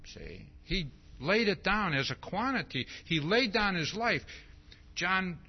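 A man preaching a sermon, reading scripture aloud and asking "see?" again and again in a slow, emphatic way. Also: sits high, very animated, breathy edge. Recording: dull lo-fi recording.

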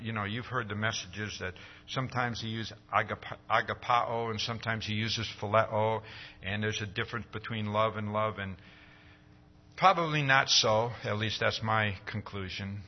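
A man preaching a conversational sermon, often pausing to ask "See?" and raising his voice as he acts out quoted dialogue. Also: fairly low pitch, steady tone, muffled recording. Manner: conversational, keeps asking "See?".

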